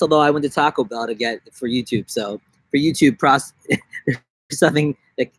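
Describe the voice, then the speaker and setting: A young man from New York chatting on a casual live stream from his backyard, rambling and joking, with bursts of silly high-pitched voices. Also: a little fast, a bit bright, husky, no echo. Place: outdoors in a backyard.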